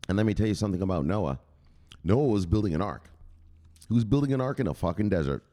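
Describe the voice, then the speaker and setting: A man hosting his own channel, ranting in hyped, profane vlog commentary and punctuating points with shouted exclamations. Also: on the low side, lively intonation, fast. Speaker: crypto channel host.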